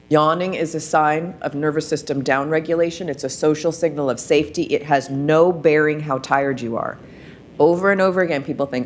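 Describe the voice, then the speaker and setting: Low-voiced woman leading a workshop. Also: a little hiss or hum. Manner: warm, coaching tone with frequent rhetorical questions. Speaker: workshop presenter. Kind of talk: guided practice talk.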